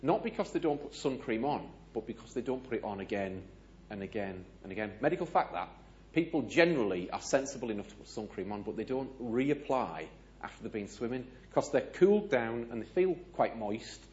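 A British man speaking to a gathered audience, telling a lively personal story, asking the audience questions and acting out the dialogue. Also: medium pitch, fairly quick, muffled recording. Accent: British English. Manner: animated, asks audience questions, acts out dialogue. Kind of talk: storytelling sermon.

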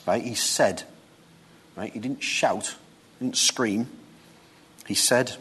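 A man's voice: lowish voice, takes it slowly, pauses often, sharp tone, breathy edge. A man giving an informal Bible teaching, reading scripture aloud and breaking off into conversational asides. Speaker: preacher.

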